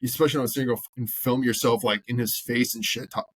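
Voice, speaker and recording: A man's voice: medium pitch, steady tone, quick pace, fairly bright tone, slightly rough, no room sound. A man co-hosting a sports podcast, talking bluntly and animatedly and swearing freely as he acts out quotes. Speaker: podcast co-host. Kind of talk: casual sports chat.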